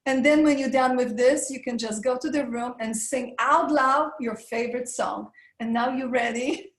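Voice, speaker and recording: A woman leads a live online coaching session in an encouraging tone, talking her listeners through breathing and vocal warm-ups. Her voice sits fairly high. The sound carries a noticeable room echo, as if she is speaking into a video call from a hard-walled room. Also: moderate pace. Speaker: webinar presenter, voice coach.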